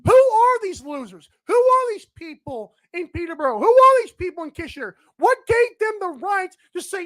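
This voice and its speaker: Male solo podcast host with a high-pitched voice; emphatic, sarcastic ranting. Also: big pitch swings, moderate pace, few pauses, a bit bright. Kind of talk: solo sports podcast commentary.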